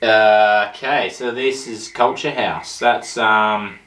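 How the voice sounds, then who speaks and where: A man's voice: lowish voice, fairly even intonation, slow, fairly bright tone, far from the mic. A man hosting a casual beer tasting show, chatting in a rambling, jokey way. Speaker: host of a beer review show. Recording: roomy echo, voice off-mic.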